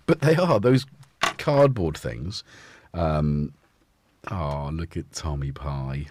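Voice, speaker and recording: A man's voice: sits low, animated, slow, long pauses, darkish tone, slight background noise. A man hosting a casual live stream from his home music studio, rambling and chatting to his cats as he goes. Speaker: livestream host.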